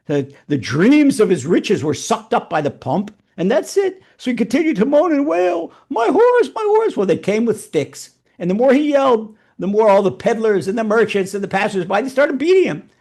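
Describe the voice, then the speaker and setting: A man telling a religious fable and drawing its lesson, animated and prone to repeating words. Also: high voice, normal speed, hardly any pauses, slightly rough. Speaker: rabbi storyteller.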